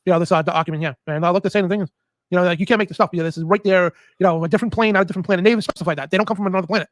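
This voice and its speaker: A man's voice: high-pitched, fairly even intonation, racing, a little hiss or hum. A man co-hosting a casual religious podcast, rambling with lots of fillers and checking in with his listener constantly. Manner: rambling, fillers, keeps asking "you know what I mean". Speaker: podcast co-host.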